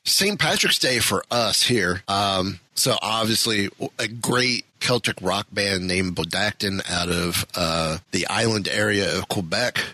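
Male podcast host, slightly low and bright, casual and chatty, forgets names mid-sentence, dry close mic. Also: a little slow, few pauses, no echo, poor audio. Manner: rambling, self-deprecating, loses his train of thought. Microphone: studio podcast mic.

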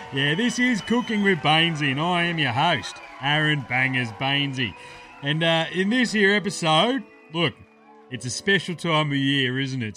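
A man's voice: a little high, bright, forceful tone, voice pushed up. A man putting on a brash, blokey male Australian TV cooking-show host with a broad ocker drawl, for a comedy cooking-show parody.

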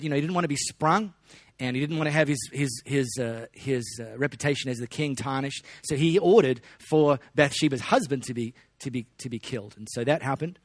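A man preaching a sermon in a relaxed, conversational way, with joking asides to the congregation. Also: a little high, dry recording, clean studio sound. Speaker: pastor.

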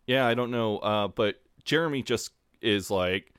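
A man co-hosting a podcast, recapping in a relaxed, chatty way with lots of fillers. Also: fairly low pitch, measured pace, smooth, no echo, studio quality. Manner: relaxed, many fillers, acts out quotes. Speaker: podcast co-host. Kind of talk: casual chat recapping a TV episode.

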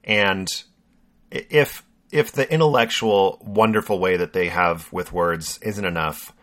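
A man's voice: deep voice, a little slow, fairly bright tone. A man co-hosting a podcast, introducing the episode in a casual, jokey and rambling way. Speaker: podcast co-host. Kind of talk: casual chat.

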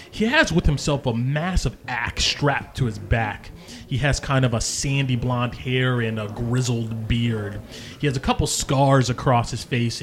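A man in the middle of his range, narrating a tabletop game as game master. He describes scenes casually, with many ums and hedges. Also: medium pitch.

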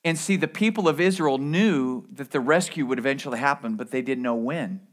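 A man's voice: mid-range voice, a little fast. A man preaching a sermon as pastor, in a conversational way with asides and restarts.

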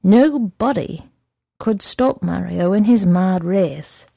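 Woman, storybook reading, slow measured delivery, gravelly voice. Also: medium pitch, expressive, warm tone, no room sound. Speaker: reader.

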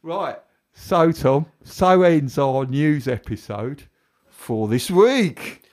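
Slow-talking, giggly male podcast co-host. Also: on the high side, expressive, a little mellow. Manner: giggly, rambling, self-mocking. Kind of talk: casual banter.

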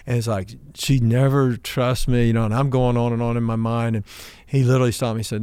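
A middle-aged man from Oklahoma delivers a sermon as a long personal story. He voices each speaker in his tale, lifting his pitch for the quoted lines. The recording is dry and close, and his voice sits at a middle pitch. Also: little pitch movement, a little fast, darkish tone, smooth, dry recording. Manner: acts out dialogue in his stories, raising his voice for the quoted lines. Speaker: pastor.

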